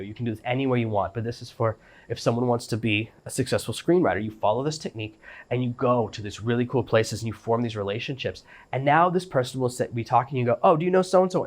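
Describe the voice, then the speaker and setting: A middle-aged man hosting a podcast, giving an instructional monologue with emphatic, repeated phrases. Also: mid-range voice. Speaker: podcast host.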